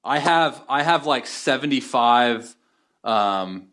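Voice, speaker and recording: Slangy, excitable young man chatting. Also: medium pitch, slow pace. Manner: slangy, excitable, lots of fillers and restarts. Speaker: podcast co-host. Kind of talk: casual chat.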